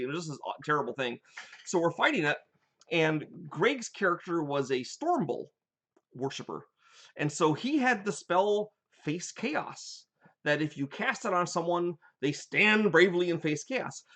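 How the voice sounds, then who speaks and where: An older man with a fairly high voice chats casually on a live stream and drifts from topic to topic. He tells his gaming stories with lively energy and often breaks off to restart a sentence. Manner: animated storyteller, rambling with restarts. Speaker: game designer hosting a live chat.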